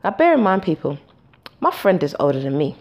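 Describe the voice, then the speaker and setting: Low-voiced woman telling a story. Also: a little fast. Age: 40s. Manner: animated, profane, acts out dialogue. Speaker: podcast host. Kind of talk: casual storytelling.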